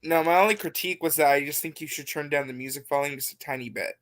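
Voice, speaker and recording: A man's voice: on the high side, fast talker, a bit bright. A man co-hosting a casual livestream, arguing his point insistently. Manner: argumentative, insistent. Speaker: co-host.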